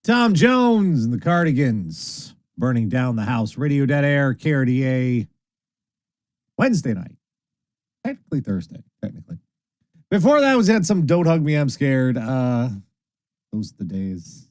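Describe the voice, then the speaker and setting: A man hosts a late-night stream in a casual, rambling way. His pitch leaps up and down as he talks, and he sounds tired. The close mic makes his voice dry, with no room sound. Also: unhurried, no room sound. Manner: lively, rambling, swears casually. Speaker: internet radio host.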